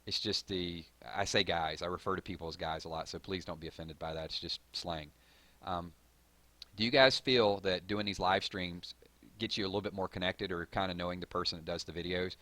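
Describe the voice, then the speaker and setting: A man's voice: low-pitched, steady tone, a little fast, pushed and bright, dry recording. A man hosting a live stream, chatting loosely and rambling through viewer comments with plenty of fillers and restarts. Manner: rambling and conversational, with frequent fillers and self-corrections.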